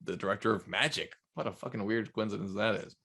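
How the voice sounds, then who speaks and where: Young podcast guy, lower voice, gets excited over movie trivia. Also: fast, creaky. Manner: chatty, excitable, shares trivia. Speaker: podcast co-host. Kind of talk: casual chat.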